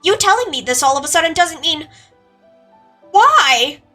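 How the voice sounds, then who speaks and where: A woman voicing a frightened teenage schoolgirl in a game, pleading in a strained voice that climbs high. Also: big pitch swings, a little slow, sharp tone, soft background music, heavily acted. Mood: panicked pleading.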